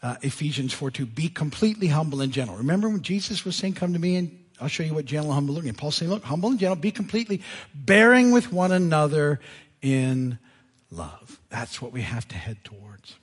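Male pastor, lively pitch, somewhat husky; chatty, self-amused sermon delivery. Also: brisk. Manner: conversational, animated, laughs at himself. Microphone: live sermon mic. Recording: church service audio.

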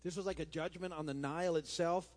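Guy preaching a sermon, kinda high voice, chatty with lots of restarts, church hall echo. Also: steady tone, quick pace. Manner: conversational, chatty with frequent restarts and asides. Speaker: pastor. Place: church sanctuary. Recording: long hall reverb in a church.

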